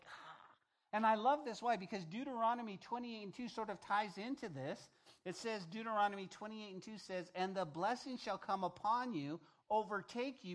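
Older guy preaching, chatty and animated, talks right to the crowd, voice a bit on the high side. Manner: animated, conversational preaching with asides to the congregation. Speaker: pastor. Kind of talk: sermon.

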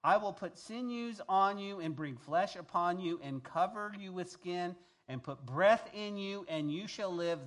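A male pastor delivering a sermon with a somewhat higher voice than most men. He preaches in an animated way, rising to loud emphasis and dropping to soft, hushed asides, and keeps asking the congregation if they follow. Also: a little slow, few pauses.

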